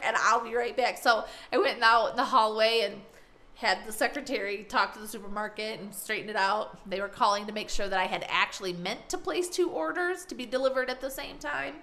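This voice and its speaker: A woman chatting casually and telling a story with lots of expression. Her voice sits a little high, and she jumps into the voices of the people in the story. The talk is relaxed and conversational. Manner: animated storyteller who acts out the voices of others. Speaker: teacher.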